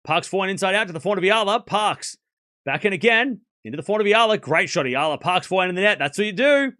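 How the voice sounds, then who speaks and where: Rapid-fire and excitable, a tennis stream host with a high, ringing voice lets his pitch jump all over during a live watchalong. He calls each point chattily, reads out donations to thank the donors, and keeps bursting into laughter.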